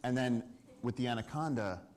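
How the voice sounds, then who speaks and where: A man giving a storytelling talk about wildlife on a summit stage to a live audience, animated and acting out the people he quotes. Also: medium pitch, moderate pace. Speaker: conservation speaker.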